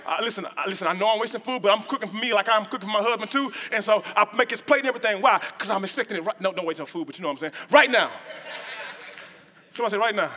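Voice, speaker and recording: A woman preaching a lively sermon with call-and-response lines, breaking into shouts and joking asides. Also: mid-range voice.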